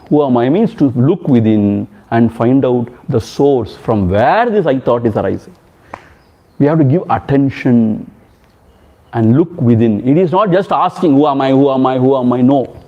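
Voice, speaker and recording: A man's voice: mid-range voice, expressive, moderate pace. A man with an Indian English accent leads a spiritual discourse at a retreat, telling stories and driving points home with emphatic repetitions. His voice sits in a middle range. The recording is muffled and lo-fi. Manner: storytelling, emphatic repetitions, chants in Sanskrit. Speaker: swami teaching a retreat. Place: ashram hall. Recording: dull lo-fi sound.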